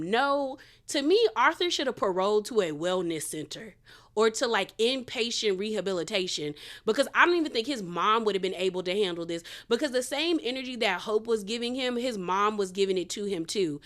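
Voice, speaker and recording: A woman hosting a casual reality TV review, telling it in a chatty, colloquial, animated way full of slang. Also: on the high side. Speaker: reality TV recap host.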